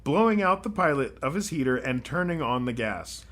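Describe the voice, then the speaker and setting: An animated man co-hosting a history podcast, his pitch swinging up and down as he reads out facts. He breaks in with jokes and asides as he goes, in a relaxed conversational way. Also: normal speed. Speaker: podcast co-host. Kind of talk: casual history podcast chat.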